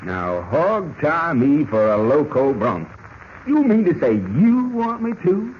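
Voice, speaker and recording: An actor playing a folksy old cowboy prospector who talks in a stubborn Western drawl full of rustic slang, in 1940s radio acting style. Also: male voice, on the high side, big pitch swings, takes it slowly. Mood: defiant. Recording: dull lo-fi old radio recording with hiss.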